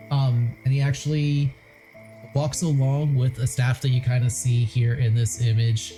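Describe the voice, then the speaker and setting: A woman narrating a tabletop game as game master, laid-back, with frequent pauses and laughs. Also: rumbling low, flat delivery, dark tone, faint music behind, poor audio.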